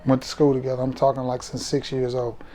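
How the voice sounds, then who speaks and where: Southern guy chatting about colognes, warm voice, cracking jokes, kinda cocky, soft music behind. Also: mid-range voice, completely flat delivery, quick pace. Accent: Southern American. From Alabama, USA. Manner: chatty, joking and self-assured. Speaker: fragrance reviewer. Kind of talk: casual storytelling vlog.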